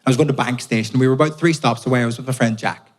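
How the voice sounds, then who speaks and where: A man's voice: medium pitch, very fast. A young Irish man performing a stand-up comedy set, telling stories with punchy asides and swearing. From Ireland. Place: theatre stage before a live audience.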